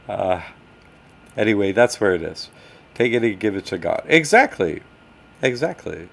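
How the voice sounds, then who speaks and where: A man's voice: lowish voice, creaky. A man hosting a live stream, talking casually to chat while he struggles with his screen. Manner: animated, talks to chat while fumbling with the screen. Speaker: livestream host answering chat. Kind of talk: casual livestream talk.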